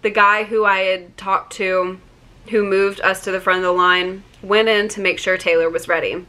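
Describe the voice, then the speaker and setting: A young woman telling a story in a casual storytime vlog, excited and gushing, saying "like" often. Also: mid-range voice, normal speed. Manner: excited, gushing, heavy use of "like". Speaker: vlogger.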